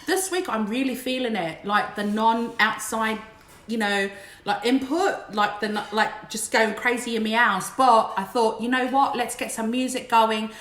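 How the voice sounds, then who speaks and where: A woman's voice: on the high side, moderate pace, fairly bright tone. A woman chatting casually on a home livestream, joking and a little tipsy. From Queensland, Australia. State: slightly tipsy. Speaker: livestream singer. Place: her house, indoors. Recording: echoey room with backing music.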